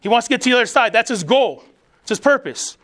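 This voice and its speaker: Emphatic high-voiced man giving a motivational speech. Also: animated, quick pace, fairly bright tone. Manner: emphatic, declarative, preacherly. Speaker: motivational speaker, military veteran. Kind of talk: inspirational speech to soldiers.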